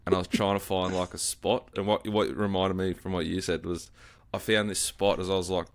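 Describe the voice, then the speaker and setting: A man's voice: deep voice, level tone, a little fast, gravelly. An Australian man co-hosting a podcast, bantering easily and leading into the next segment. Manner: easygoing banter, leads segments. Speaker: podcast co-host. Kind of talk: casual chat.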